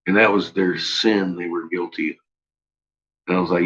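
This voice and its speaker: A man's voice: low-pitched, steady tone, normal speed, a bit bright, muffled recording. A man rambling through a profane, laugh-filled solo monologue. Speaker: channel host.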